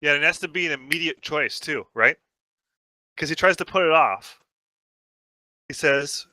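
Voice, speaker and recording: A man hosting a casual book discussion, talking it through and reading passages aloud in an animated way. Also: fairly high pitch, moderate pace, pauses often, no echo. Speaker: host leading a book discussion.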